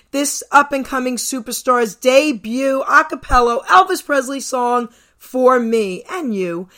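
A woman's voice: a little high, fairly bright tone. A woman from New Jersey hosting a radio show, interviewing a guest casually, enthusiastic and effusive, firing off several questions in a row.

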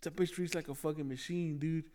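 A man's voice: on the high side, fairly even intonation, a little fast, dark tone. A young man in casual chat, telling a school story full of swearing and laughter.

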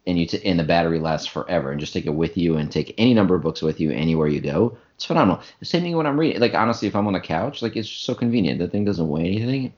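A man's voice: low voice, expressive, very fast, hardly any pauses, a little mellow. A man co-hosting a podcast in casual chat, emphatic and opinionated. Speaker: podcast co-host. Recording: dull lo-fi sound.

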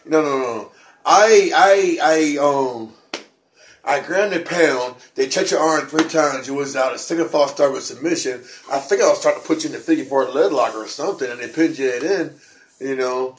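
A man's voice: medium pitch, normal speed. Guy telling a wild story, keeps repeating himself, echoey room, bit of hiss. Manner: excited, rambling, repeats words. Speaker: podcast co-host. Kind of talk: casual storytelling chat. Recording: echoey room with faint noise.

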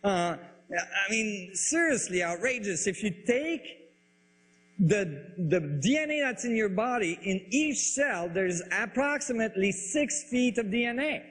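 A man explaining science ideas in a lecture style, halting and searching for words, with frequent restarts. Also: high-pitched, expressive, a bit bright, breathy edge. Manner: enthusiastic about the ideas. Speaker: speaker on physics and biology.

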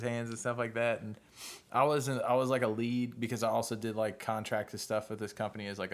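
A man's voice: medium pitch, fairly bright tone. Rambling casual guy hosting a podcast. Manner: rambling, swears often, fills with "like". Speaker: podcast host, musician. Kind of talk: casual chat.

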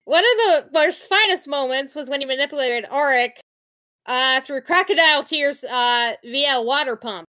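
High-voiced woman, playful co-host. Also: normal speed, pushed and bright. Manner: short agreeing replies, playful. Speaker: podcast co-host. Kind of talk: casual chat reviewing a TV show.

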